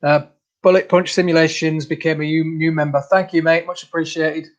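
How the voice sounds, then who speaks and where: A man's voice: a little high, flat delivery, a little fast. A man hosting a casual livestream, reading out viewer comments, laughing often and calling people mate. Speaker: channel host.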